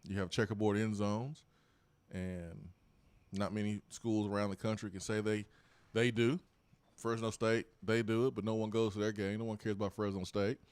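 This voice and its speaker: A man's voice: fairly low pitch, flat delivery, normal speed, darkish tone, clear, resonant tone, no room sound. A man hosting a live sports talk show, casual and opinionated, talking into a studio mic.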